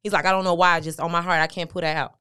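A woman's voice: fairly low pitch, flat delivery, rapid-fire, sharp tone, clear, resonant tone, no room sound, studio quality. A middle-aged woman, a guest on an interview show, candidly recounting a personal story and quoting what people said. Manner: conversational, recounting with quoted dialogue. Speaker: guest, motivational speaker.

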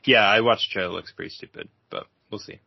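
A young man co-hosting a movie podcast, talking through movie news in a relaxed way with many ums. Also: fairly low pitch, fast, gravelly, slightly rough, no room sound. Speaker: podcast co-host. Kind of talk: casual chat. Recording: dull lo-fi sound.

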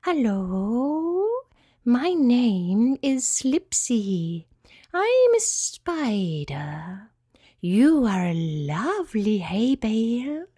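Woman doing a soft breathy spider girl, storybook, slow and hushed, delicate. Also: a little high, sing-song, no echo, clean studio sound, exaggerated voice. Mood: gentle. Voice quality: whispery, breathy. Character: delicate hairy female spider, gentle and soft. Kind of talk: storybook reading.

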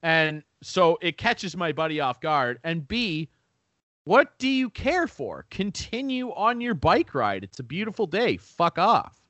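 Animated, swearing man telling stories. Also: a little high, a little slow, dry recording, highs cut off. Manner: profane, animated storytelling. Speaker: podcast co-host. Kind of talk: casual podcast chat. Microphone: remote call mic.

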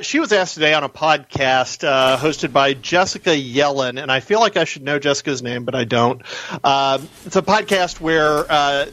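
Higher-voiced man, dry and animated. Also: no room sound, rough recording. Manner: animated, argumentative. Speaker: guest news editor on a phone-in. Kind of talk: radio interview.

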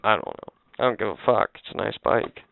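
A man's voice: fairly low pitch, fairly quick, vocal fry, no room sound. A man co-hosting a casual podcast, telling a rambling, swearing anecdote in a laid-back way. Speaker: podcast co-host. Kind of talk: casual podcast chat, storytelling. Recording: dry, phone-like narrow sound.

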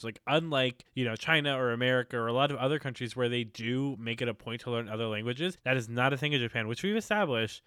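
A man's voice: medium pitch, bright, forceful tone, clear, resonant tone, dry recording, clean studio sound. A man co-hosting a podcast, chatting casually and dramatically. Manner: dramatic, acts out quotes. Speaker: podcast co-host.

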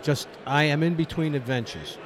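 A man's voice: fairly high pitch, normal speed. A man in his seventies, semi-retired, reminiscing wryly in casual conversation. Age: 70s. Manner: reminiscing, wry. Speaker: semi-retired business owner. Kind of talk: casual storytelling chat. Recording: outdoor crowd chatter behind.

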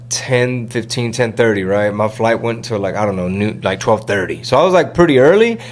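A man hosting a podcast in a casual, rambling, slang-heavy chat, often mimicking other people in quick asides. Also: medium pitch, darkish tone. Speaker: podcast host.

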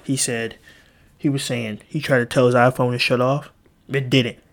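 A man talks through a casual solo podcast episode in a loose, rambling way. He is playful and drifts from jokes to half-serious thoughts. His pitch leaps up whenever he acts out a voice he is quoting. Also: flat delivery, moderate pace. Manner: rambling, playful, jumps between jokes and musings; acts out quoted voices with big pitch jumps. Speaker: podcast host.

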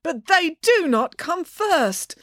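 A woman's voice: very high voice, big pitch swings, slow, no echo, clean studio sound, pitched above the performer's own voice, heavily acted. A woman reading aloud, voicing an indignant, protective father in a storybook. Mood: defiant. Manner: indignant, emphatic.

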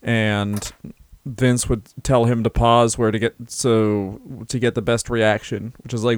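A man's voice: medium pitch, level tone, unhurried, smooth, no echo. A man co-hosting a casual comedy podcast, joking and slipping into silly put-on voices for quotes. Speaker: podcast co-host.

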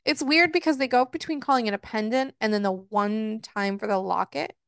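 A woman co-hosting a casual book podcast, retelling a plot with lots of swearing and quick put-on quotes of the characters. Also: a little high, steady tone, creaky, fairly bright tone, clean tone, dry recording, clean studio sound. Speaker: podcast co-host. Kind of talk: casual book-review chat.

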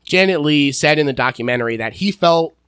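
A man co-hosting a casual podcast about a film, relaxed, sharing background facts and laughing easily. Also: on the high side, fairly quick, clear, resonant tone, no room sound, studio quality. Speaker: podcast co-host.

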